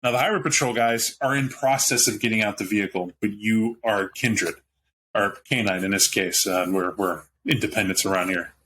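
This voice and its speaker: A man narrating as game master of a tabletop role-playing game, rambling and animated. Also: fairly low pitch, moderate pace, slight background noise, low-quality recording.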